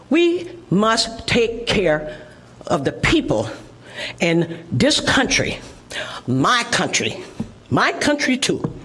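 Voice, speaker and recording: Breathless older woman, emphatic and husky. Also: medium pitch, low-quality recording. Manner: emphatic, folksy, keeps asking "okay?". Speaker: public commenter. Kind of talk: public comment at a city meeting. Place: city council meeting room.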